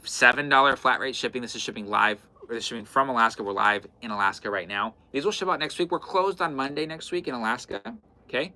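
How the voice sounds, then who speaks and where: A man's voice: medium pitch, fast talker, bright, forceful tone. A man hosting a live-stream fabric sale, chatting casually and repeating item numbers as he goes. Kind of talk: live-stream sales chat. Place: indoor fabric shop in the far north.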